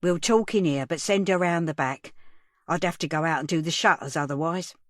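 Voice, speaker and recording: A woman narrator voicing a hot-tempered middle-aged man who runs a cafe, speaking gruffly and barking. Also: low-pitched, fairly quick, no room sound, clean studio sound, close to an everyday voice. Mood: curt.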